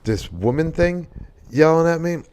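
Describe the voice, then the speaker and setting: A man's voice: fairly high pitch, animated, normal speed, a little mellow, slight background noise. A young man, hosting a casual podcast chat and telling stories loosely, with swearing and laughter. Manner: loose, profane, laughing storytelling. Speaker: podcast host.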